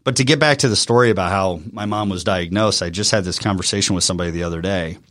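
A man from Virginia with a fairly low voice tells a deeply personal story as an interview guest. He speaks earnestly and haltingly, restarting his sentences as he goes. He sounds like he is in his thirties. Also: fairly bright tone.

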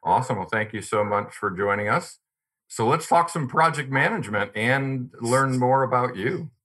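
A man's voice: mid-range voice, lively intonation, normal speed, pushed and bright. A man hosting a podcast interview over a video call, upbeat and friendly, with some fillers. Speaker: podcast host.

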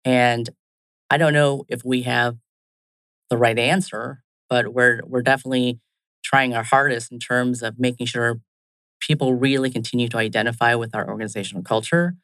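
A man's voice: medium pitch, fairly even intonation, normal speed, a bit bright, smooth, no echo, low-quality recording. A man being interviewed as a business leader, speaking in business phrases and leaning on "kind of" and "right?". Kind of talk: conversational interview.

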